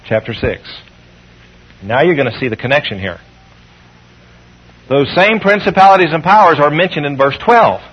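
A fairly high, husky male preacher delivers a call-and-response sermon. He slows down and rises when reading scripture. The sound is dull and lo-fi, like an old radio broadcast. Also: lively intonation.

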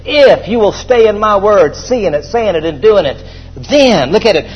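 A man's voice: high voice, expressive, normal speed, husky, faint music behind, rough recording. A male pastor preaching a sermon in a church, leading the congregation in call-and-response.

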